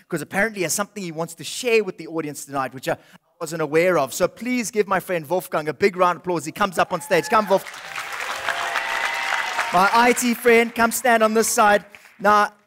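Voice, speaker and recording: A man's voice: on the high side, a bit bright. A South African ventriloquist comedian chatting easily with the crowd as he brings a guest on stage. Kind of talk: live stand-up crowd work. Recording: live show with crowd and noise.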